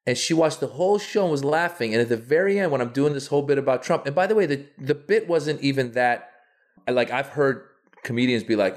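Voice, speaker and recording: Guy comedian on a podcast, lively storytelling, keeps restarting sentences, average pitch. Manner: lively, acts out quotes, frequent restarts. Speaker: guest comedian. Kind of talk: animated storytelling.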